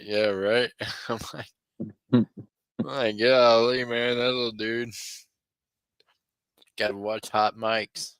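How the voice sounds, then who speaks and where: A man's voice: fairly low pitch, a bit bright, dry recording. A middle-aged man hosting a live online auction in a folksy, chatty way, chuckling often. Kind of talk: live-stream auction chat.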